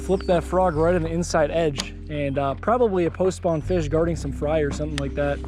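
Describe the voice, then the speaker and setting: Excitable young man fishing, high voice. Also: fairly quick, over music. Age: 20s. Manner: excitable, chatty, exclaims at every catch. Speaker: fishing vlogger. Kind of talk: casual fishing commentary. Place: outdoors on a bass boat on a lake.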